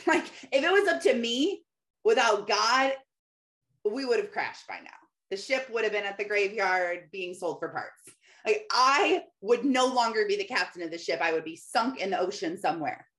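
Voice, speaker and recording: A woman's voice: mid-range voice, expressive, moderate pace, fairly bright tone. A woman in her thirties giving a casual, earnest faith-based encouragement talk, laughing often and quoting scripture. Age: 30s.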